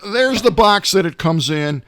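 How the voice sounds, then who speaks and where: A man's voice: high-pitched, expressive, a little slow, pushed and bright, slight background noise. A middle-aged man hosting a tech gadget show from home, talking in a folksy, rambling way with many filler uhs. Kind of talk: casual tech gadget talk. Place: home, not in the studio.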